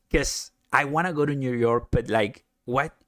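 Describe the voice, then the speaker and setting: A man hosting a casual live stream, chatting excitedly, laughing often and answering viewer comments. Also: medium pitch, slow, no echo, clean studio sound.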